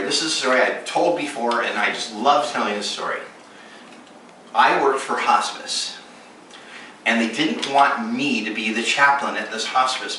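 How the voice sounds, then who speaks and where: An American preacher with a middling-pitched voice delivers an animated sermon, acting out both sides of a story. He's recorded far from the mic in a strongly echoing room, with steady noise clearly audible underneath.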